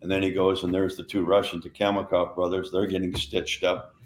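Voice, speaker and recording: A man's voice: low voice, flat delivery, brisk, roomy sound, a little hiss or hum. An older man and retired wrestler, co-hosting a podcast and telling rambling anecdotes in a casual chat. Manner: rambling anecdotes, lots of restarts and laughs.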